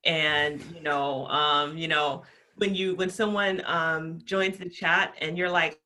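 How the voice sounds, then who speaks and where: This female podcast guest speaks with passion about customer service, lively and talkative, sprinkling in plenty of fillers. She has a lowish voice and a slightly slow delivery.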